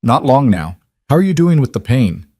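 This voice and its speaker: A man voicing a calm, efficient woman doctor, brisk and encouraging. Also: mid-range voice, breathy edge, no room sound, clean studio sound, pitched above the performer's own voice.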